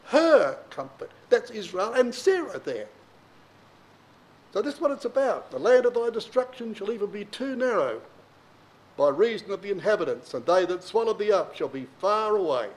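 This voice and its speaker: Male Bible preacher, higher voice, very lively delivery, reads verses then explains. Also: moderate pace, rough recording. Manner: reads King James verses then explains them plainly to the congregation; emphatic, varies pitch and pace widely for emphasis. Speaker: Bible teacher. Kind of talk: sermon with scripture reading.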